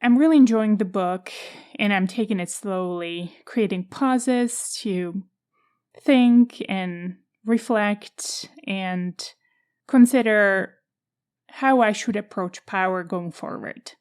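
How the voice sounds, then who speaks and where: Slow, reflective Czech-accented woman. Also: medium pitch, darkish tone, clear, resonant tone. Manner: thoughtful, measured, pausing to reflect. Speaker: podcast host. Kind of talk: reflective solo podcast monologue.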